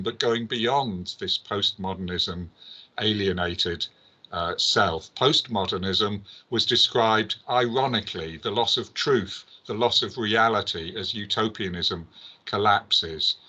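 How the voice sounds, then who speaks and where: Male academic presenter, bright, hesitant delivery full of fillers, muffled lo-fi recording. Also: on the low side. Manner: hesitant, many filler pauses. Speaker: conference speaker. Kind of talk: academic conference talk.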